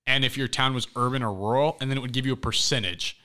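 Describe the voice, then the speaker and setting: A young man co-hosting a casual podcast, telling animated stories and ranting with lots of "like" and "bro". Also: mid-range voice, fast. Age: young adult. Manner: animated storyteller, rants with "bro" and "like". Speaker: podcast co-host. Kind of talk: casual chat.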